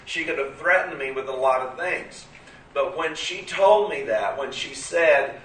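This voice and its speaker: Here the voice is medium-pitched, a little slow, pushed and bright. This man in his fifties tells a sermon story at a church gathering, folksy and conversational, peppered with "you know" and "uh," recorded roomy and distant from the mic.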